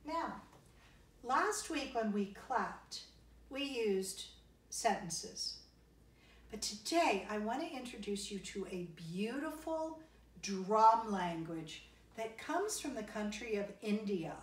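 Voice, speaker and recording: A woman's voice: medium pitch, lively intonation. A woman teaching a kindergarten music lesson, cheerful and encouraging, singing and clapping rhythms with the children. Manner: cheerful, sing-song, slow and encouraging, spells and claps along. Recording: echoey room, voice from a distance.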